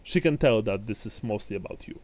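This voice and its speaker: A man's voice: fairly low pitch, lively intonation, darkish tone. A man running a tabletop game as game master, narrating with frequent fillers and restarts. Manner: halting, many fillers and restarts.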